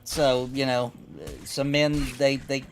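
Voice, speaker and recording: A man's voice: medium pitch, flat delivery, slow pace, a little hiss or hum. A man hosting a casual gaming stream, rambling and joking while reading chat aloud. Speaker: streamer host.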